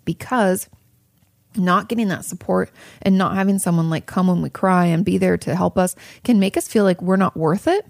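A candid woman therapist hosts a casual advice podcast. Her voice sits fairly low, with a gravelly fry running through it, and the sound is close and dry. She swears without hesitation and wanders off on tangents. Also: darkish tone, dry recording. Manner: candid and frank, swears freely, drifts into tangents.

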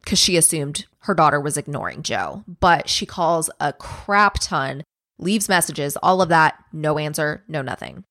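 A woman's voice: low-pitched, animated, unhurried, a bit bright, dry recording, studio quality. A young woman co-hosting a podcast, telling a true crime case in casual chat, swearing often and acting out what people said. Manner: casual, swears a lot, acts out quotes.

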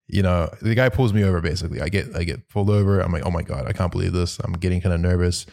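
A man's voice: sits low, steady tone, racing, gravelly, a little mellow. A man from New Zealand co-hosting a podcast, telling a rambling story in casual chat, laughing and swearing. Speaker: podcast co-host.

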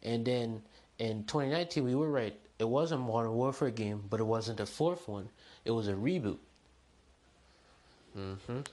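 A young man hosting a solo podcast, chatting in a rambling, excitable, slangy way. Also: medium pitch, moderate pace, pauses often. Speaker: podcast host. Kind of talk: casual solo podcast chat.

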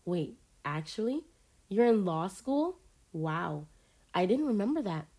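A woman's voice: medium pitch, unhurried, husky. A woman voicing a scatterbrained teenage girl. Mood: excited. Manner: excitable and distracted, talks to herself. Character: scatterbrained teenage girl, the narrator's best friend.

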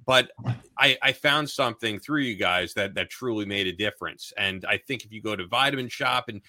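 A man's voice: on the low side, fairly quick, bright, forceful tone, no echo. A man co-hosting a podcast, explaining things earnestly in casual chat. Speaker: podcast co-host.

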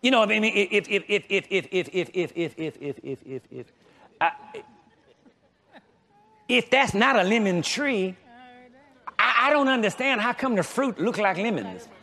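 A man's voice: high voice, lively intonation, a little slow, vocal fry, long pauses, pushed and bright. A man preaching a sermon as pastor, leading the congregation in call-and-response and often stumbling over repeated words as he builds his point. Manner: repetitive, stammering restarts when making a point. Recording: long reverb of a large church hall.

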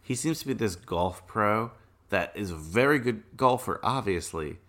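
A man with a notably low voice talks through a film on a podcast. He is relaxed and analytical, with frequent chuckles. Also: moderate pace. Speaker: podcast co-host. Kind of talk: casual film discussion.

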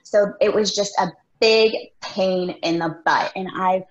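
A woman's voice: medium pitch, steady tone, measured pace. A woman in her thirties co-hosting a casual talk show, speaking earnestly and encouragingly as she tells a personal story. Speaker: podcast co-host. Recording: roomy, slightly dull sound.

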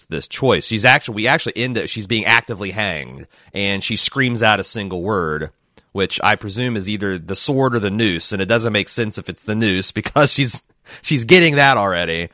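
A man's voice: on the low side, pushed and bright, no echo, studio quality. A man hosting a podcast, talking casually in long, rambling turns with frequent restarts. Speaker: podcast host. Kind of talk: casual discussion and read-aloud.

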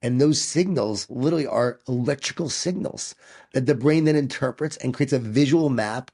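A man's voice: medium pitch, moderate pace, a little mellow, breathy edge. A man guest speaker talking with energy, telling stories and making points with emphasis. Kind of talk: conversational storytelling.

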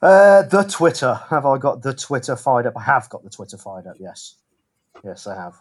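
A man's voice: mid-range voice, fairly quick. A man co-hosting a casual football podcast, reading out listener tweets with dry, wry asides.

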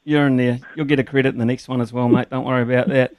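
On a sports radio show, a man with a New Zealand accent jokes with and teases his guest in casual banter, quick to laugh. His mid-range voice is steady and a little mellow, recorded on a studio microphone in a radio studio with no room sound.

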